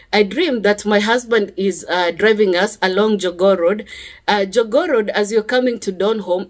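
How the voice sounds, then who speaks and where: Kenyan woman, earnest testimony storyteller, mid-range voice, keeps adding "yeah?". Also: medium pitch. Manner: earnest, with frequent "yeah?" tag questions and restarts. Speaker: speaker sharing a personal testimony.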